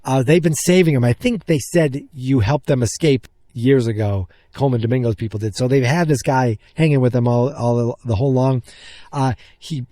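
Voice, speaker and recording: A man hosting a podcast, excitedly retelling a film's scenes in a rambling, casual way. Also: mid-range voice, normal speed, no room sound, studio quality. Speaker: podcast host. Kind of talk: casual movie recap.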